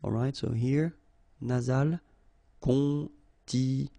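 A man's voice: a little high, lively intonation, takes it slowly, creaky, mellow, dry recording. A man with a French accent teaching French vocabulary, patiently spelling out sounds and repeating each word.

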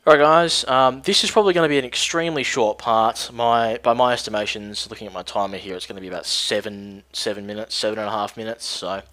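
A young man giving casual, excitable let's-play commentary, thinking aloud and swearing at the game. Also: fairly low pitch, quick pace, hardly any pauses.

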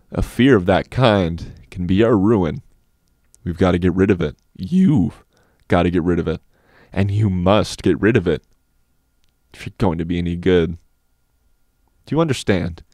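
A man voicing a self-assured older schoolboy who speaks softly and with measured calm. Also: low-pitched, no room sound, clean studio sound. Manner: measured, soft, unhurried.

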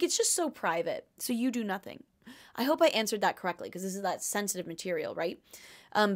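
A young woman hosting a podcast, reading out listener questions and giving casual, jokey advice full of fillers and asides. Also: medium pitch.

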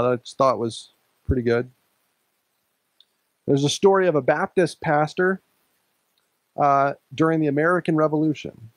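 A man's voice: fairly high pitch, a little mellow, no echo, poor audio. A male pastor preaching a sermon in a conversational way, laughing lightly now and then.

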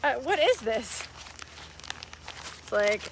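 A young woman vlogger gushing excitedly as she unboxes a gift haul at home, talking to her viewers and the giver. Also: a little high, slow, a little hiss or hum. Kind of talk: casual vlog unboxing. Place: home, later outdoors by a tree.

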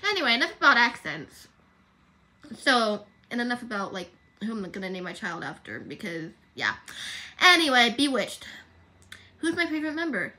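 A woman's voice: fairly high pitch, sing-song, moderate pace, pauses often, bright, forceful tone. A young woman chatting casually on her livestream, rambling and correcting herself as she goes. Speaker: livestream host.

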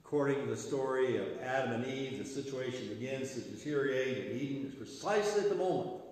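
A man's voice: mid-range voice, a little fast. Man preaching in an echoey church. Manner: rhythmic repetition, quiet trailing phrase ends. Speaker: pastor. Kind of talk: sermon. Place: church sanctuary. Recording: echoey church sanctuary with long reverb.

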